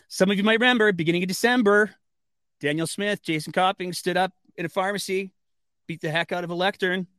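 A man hosting political commentary, sarcastic and animated, with mocking asides. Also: a little high, no echo, studio quality.

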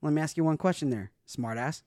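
A young man co-hosting a podcast, telling stories in a casual, animated, profane way and acting out other people's voices. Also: fairly high pitch, fast talker, dry recording, clean studio sound. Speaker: podcast co-host.

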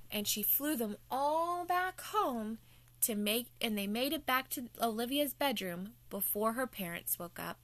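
A woman's voice: fairly high pitch, animated, a little slow, fairly bright tone, no room sound. A woman telling a playful bedtime story to children as the show's host.

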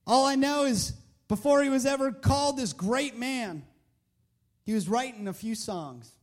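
A male preacher with a strikingly high voice gives a casual, conversational sermon into a handheld mic. He leans on rhetorical questions and emphatic repeats to drive points home. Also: unhurried.

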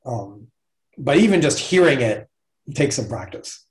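A man of middle pitch talking through an idea patiently and step by step, as a guest in a relaxed interview. His voice carries a noticeable roomy echo. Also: unhurried. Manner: thoughtful, explains step by step. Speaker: guest mathematics professor. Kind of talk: casual conversational interview.

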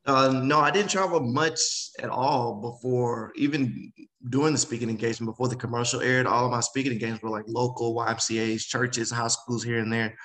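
A man, a guest speaker in an interview, telling his story in a casual, animated way and acting out other people's voices. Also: mid-range voice, a little fast, rough recording. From Memphis, Tennessee. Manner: animated, acts out quoted voices.

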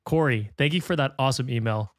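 A man's voice: mid-range voice, fast, no echo, studio quality. A man hosting a film podcast, chatting casually and reading out listener emails, upbeat and laughing often. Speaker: podcast host.

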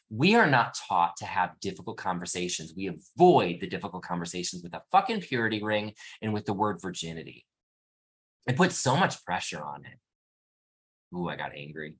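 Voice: mid-range voice, very animated, normal speed, a bit bright. A podcast guest speaking candidly and passionately, swearing as the argument heats up. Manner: passionate, outspoken, swears when worked up.

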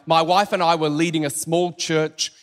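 A man with an Australian accent, preaching a sermon as a pastor in an energetic, joking, conversational way. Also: a little high, moderate pace. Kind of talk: sermon with personal storytelling. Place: church auditorium. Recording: church hall reverb with soft music.

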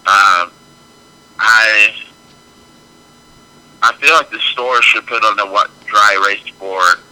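A man's voice: lowish voice, takes it slowly, bright, forceful tone, poor audio. A man co-hosting a podcast, giving blunt opinions in a hesitant way with many fillers. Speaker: podcast co-host. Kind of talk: casual chat.

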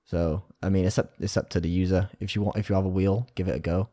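A man with a low, dark, mellow voice chats loosely on a gaming podcast. His talk is relaxed and rambling, and the sound is dry and close. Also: quick pace, dry recording. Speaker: podcast co-host. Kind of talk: casual gaming podcast chat.

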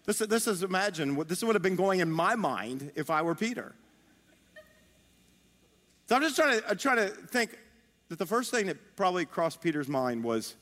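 A male pastor delivers a sermon, telling a story in a chatty, animated way. His voice sits fairly high. It rings out with a long hall reverb, as in a large sanctuary. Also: moderate pace.

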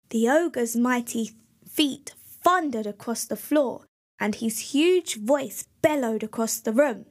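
A woman narrating a fairy tale in a slow, clear, expressive storybook style. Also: fairly high pitch.

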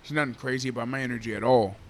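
A man in his twenties co-hosting a podcast, telling stories in a casual, animated way and often calling others "bro.". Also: medium pitch, racing. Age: 20s. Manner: animated storytelling, laughing, says "bro" often. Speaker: podcast co-host.

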